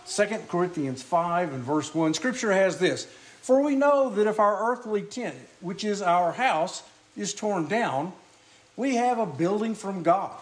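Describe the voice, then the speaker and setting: A preacher with a high voice gives a sermon, posing questions to his congregation along the way. He coughs occasionally and keeps clearing his throat.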